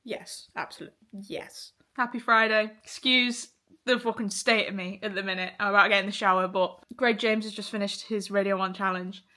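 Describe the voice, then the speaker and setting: A young woman talks casually to camera in a personal vlog. She is chatty and candid, swears freely and laughs often. Her voice sits at an ordinary pitch for a woman. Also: fairly even intonation, a little fast, bright, forceful tone. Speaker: vlogger.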